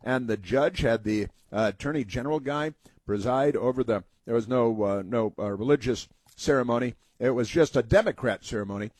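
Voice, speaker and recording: Male talk radio host, mid-pitched, very dry close sound, sarcastic and halting. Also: a little mellow, no echo. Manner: sarcastic, halting, with frequent restarts. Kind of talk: opinion talk radio commentary.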